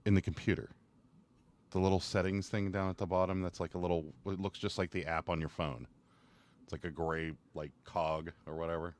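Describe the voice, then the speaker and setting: A man's voice: low-pitched, little pitch movement, a little fast. A man co-hosting a casual live stream, reading viewer comments aloud while troubleshooting the sound, with a Western Pennsylvania accent. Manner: reads viewer comments aloud, fiddles with audio settings. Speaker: co-host of a live reselling stream. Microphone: earbud microphone.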